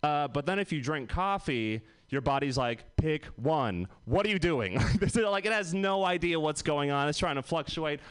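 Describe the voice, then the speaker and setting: A man's voice: fairly high pitch, moderate pace, few pauses, a bit bright, clean tone. A man in his twenties doing a rambling stand-up set, laughing at his own jokes. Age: 20s. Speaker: stand-up comic.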